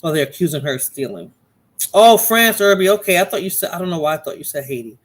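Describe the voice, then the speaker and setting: A man with a somewhat high voice hosts a live reaction stream. He chats casually, calling out to viewers in the chat as he reacts to a clip. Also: lively intonation, fast. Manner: chatty, talks to viewers in chat by name. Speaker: livestream host reacting to videos.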